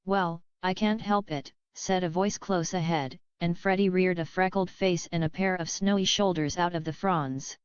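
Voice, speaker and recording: A woman reading a classic novel aloud as scripted narration, in a measured way. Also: fairly low pitch, steady tone, smooth, no echo, muffled recording. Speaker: audiobook reader.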